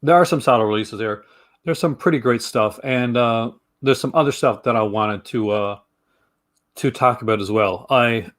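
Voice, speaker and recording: Male vlog host, film reviewer; chatty, rambling, quick to laugh; mid-range voice. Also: medium pitch. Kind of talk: casual chat to camera.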